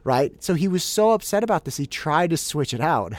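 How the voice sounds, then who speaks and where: A man telling a story from home life in a casual monologue, animated and exasperated, laughing at himself and often restarting his sentences. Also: a little high, normal speed, dry recording. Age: adult father of young children. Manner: animated, exasperated and self-mocking, with frequent restarts. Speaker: podcast host.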